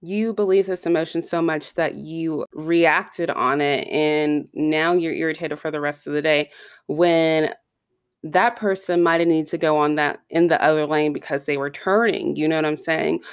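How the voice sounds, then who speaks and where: A woman's voice: deep voice, steady tone, normal speed, clean tone, dry recording, studio quality. A woman giving a casual motivational talk straight to her listeners, chatty, with frequent asides. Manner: conversational, addresses listeners directly with repeated asides.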